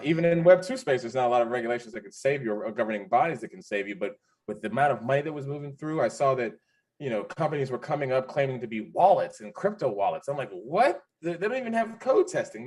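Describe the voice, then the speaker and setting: A man's voice: mid-range voice, darkish tone. A man of about forty, a podcast guest, telling stories in a casual, emphatic way and often repeating his phrases. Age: 40s. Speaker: podcast guest, security founder. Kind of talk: casual conversational storytelling.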